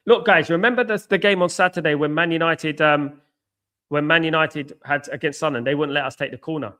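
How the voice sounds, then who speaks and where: This is a man hosting a live football watchalong stream. His voice sits a little high, and he talks in an excitable, chatty way, reacting to the play and calling out to viewers by name. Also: fairly quick. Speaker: watchalong host.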